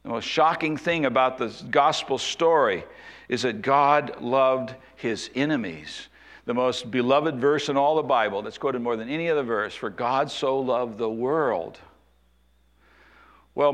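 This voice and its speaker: A man preaching an expository sermon, slowing down and dropping his voice low to stress key points. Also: a bit bright. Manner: expository preaching, slows and drops low for emphasis. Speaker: pastor.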